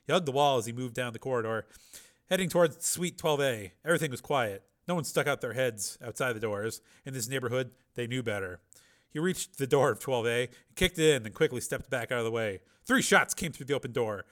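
A man reading a crime novel aloud, lively, with small slips and corrections. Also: medium pitch. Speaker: reader.

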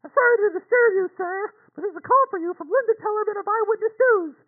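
A man's voice: very high-pitched, quick pace, voice pushed up. A man voicing a polite, apologetic female secretary speaking through an office intercom, deferential and hesitant. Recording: tinny phone-like intercom.

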